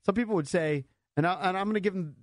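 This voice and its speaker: A man hosting sports talk radio, opinionated and quick to cut in on his co-hosts. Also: sits high, no room sound, studio quality. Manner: opinionated, talks over others.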